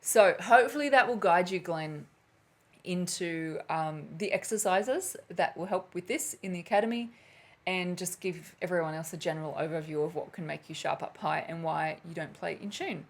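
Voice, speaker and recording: A woman's voice: fairly low pitch, moderate pace. A woman hosting a live flute lesson and Q&A, chatty and self-deprecating, laughing at herself as she loses her thread. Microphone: camera mic on a live stream.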